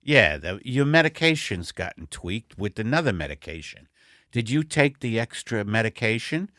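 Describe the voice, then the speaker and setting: A man's voice: very animated, moderate pace, a bit bright, dry recording, studio quality. Al, a man doing a mumbling hapless husband. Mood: sheepish. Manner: low, gravelly, mumbling and sheepish. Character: bumbling middle-aged husband Al, hapless and apologetic. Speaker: comedy podcast co-host. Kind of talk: improvised comedy sketch.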